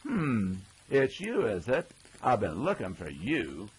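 A man voicing a crisp, vinegary, angry woman in a storybook reading. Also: medium pitch, huge pitch swings, slow pace, full character voice, rough recording. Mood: scolding. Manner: sharp and scolding. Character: crisp, vinegary angry circus actress wife.

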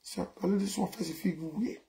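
Nigerian man in his forties, gravelly. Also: sits high, fast, noisy background. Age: 40s. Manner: animated, rhetorical, repeating questions. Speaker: live-stream host. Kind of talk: casual live-stream talk in Pidgin. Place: indoors abroad, cold.

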